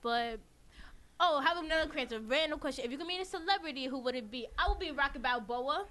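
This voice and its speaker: A woman's voice: high voice, animated, fast talker, sharp tone, a little hiss or hum. Chatty teenage girl hosting student radio. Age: teens. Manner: chatty, laughs often, trails off mid-sentence. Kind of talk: casual chat.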